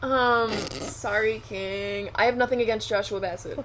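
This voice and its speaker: This is a young woman co-hosting a casual podcast. She talks in a chatty way, full of quick asides and laughter. There is faint ambient noise behind her. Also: on the high side, fairly even intonation, a bit bright. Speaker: podcast co-host. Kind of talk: casual chat.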